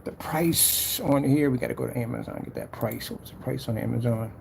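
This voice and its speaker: His gravelly, mid-range voice moves a little fast, and there's a faint hiss or hum in the recording. The speaker, a small business owner, narrates a casual screen recording of himself making an ad, boasting about his product, trashing the competition, and muttering and whispering as he goes.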